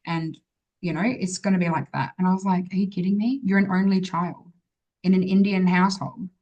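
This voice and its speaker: A woman's voice: on the low side, fairly even intonation, fairly quick, a little mellow, highs cut off. A woman, an interview guest, telling a personal story in a chatty way, full of fillers and acted-out dialogue.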